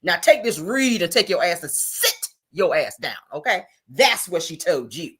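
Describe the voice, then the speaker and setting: A woman hosting a gossip show, talking in a sassy, animated casual way, full of "honey" and "child". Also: on the low side, normal speed, slightly rough. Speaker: host.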